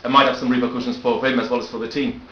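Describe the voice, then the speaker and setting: Rapid-fire rambling man. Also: mid-range voice, flat delivery, slight background noise. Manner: rambling, full of fillers and restarts. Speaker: amateur footballer. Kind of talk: jokey post-match interview. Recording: echoey lo-fi recording.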